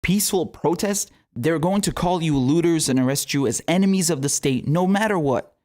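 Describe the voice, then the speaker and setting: A man's voice: on the high side, normal speed, a little mellow. A young man hosting a political commentary show, talking casually with heated, profane, sarcastic outbursts and laughing asides.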